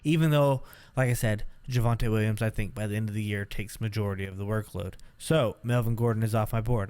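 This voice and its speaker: A man co-hosting a casual fantasy football podcast, thinking out loud as he runs through draft picks. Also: on the low side, fairly quick, few pauses, clear, resonant tone, no room sound. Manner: animated, thinks aloud while listing picks. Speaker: podcast co-host.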